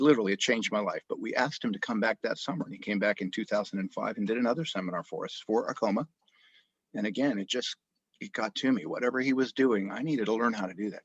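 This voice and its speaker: A man, an osteopathic family physician, telling an animated story in an interview, full of restarts. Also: on the low side, breathy edge, dry recording, lo-fi sound. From grew up in Japan.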